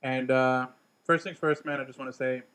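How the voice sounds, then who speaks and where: A young man chatting casually on a radio show, rambling and excitable, swearing freely about sports and travel. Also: mid-range voice, normal speed, smooth. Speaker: radio co-host. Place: radio studio.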